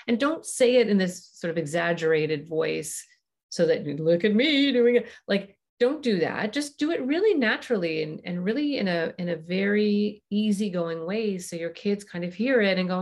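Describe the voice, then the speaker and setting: A woman's voice: on the low side, lively intonation, moderate pace. A woman hosting a parenting podcast, explaining ideas in a conversational way with frequent ums and uhs. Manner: warm explanatory, frequent fillers.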